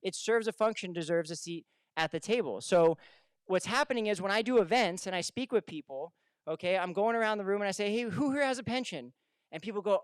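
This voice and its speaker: High, smooth-voiced man lecturing an audience. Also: fairly quick, no echo. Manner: energetic, conversational, asks the room questions. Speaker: financial advisor speaking at a seminar. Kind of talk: live seminar talk to an audience. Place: room with a live audience.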